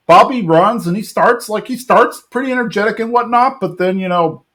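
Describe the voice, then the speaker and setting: A man's voice: high-pitched, normal speed, fairly bright tone. A man hosting a podcast, casually recapping a cartoon episode in a rambling way with many fillers and restarts. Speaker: podcast host.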